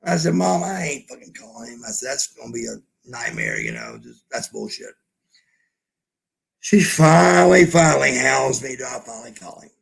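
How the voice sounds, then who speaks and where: A man's voice: medium pitch, big pitch swings, normal speed, gravelly. A man telling a story as a podcast guest in a blunt, profane way, acting out the lines of the people in it. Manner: profane, blunt, acts out quoted dialogue. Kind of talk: casual storytelling.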